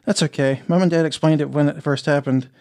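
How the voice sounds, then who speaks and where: A man's voice: a little high, steady tone, fast, darkish tone, natural voice. A man voicing a cheerful, playful ghost girl in a storybook reading, with a chirpy manner. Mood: chatty.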